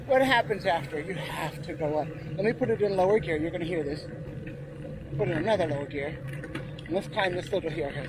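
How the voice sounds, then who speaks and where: Chatty man vlogging from his bike. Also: sits high. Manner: chatty, narrating as he rides. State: out of breath at times. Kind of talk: casual talk while cycling. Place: outdoors on a bike. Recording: loud outdoor noise.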